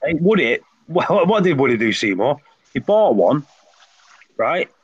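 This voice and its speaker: A man's voice: on the high side, big pitch swings, unhurried, husky, no room sound. A man, chatting casually and teasing the others as a stream guest. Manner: teasing, banter. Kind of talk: casual chat. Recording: muffled stream audio, faint noise.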